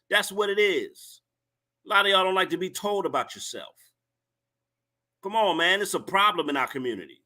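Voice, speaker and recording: A man's voice: sits high, animated, normal speed, pauses often, sharp tone. A man hosting a livestream, scolding and lecturing his viewers in a repetitive rant. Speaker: livestream host. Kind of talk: ranting commentary to a live chat.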